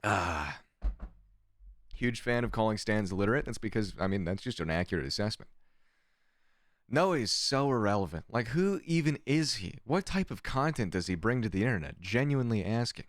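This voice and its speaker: A man's voice: lowish voice, lively intonation, normal speed, no room sound, studio quality. A man streamer giving sarcastic, profane commentary while reading chat aloud. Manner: sarcastic, swears often, reads chat aloud. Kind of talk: casual livestream commentary.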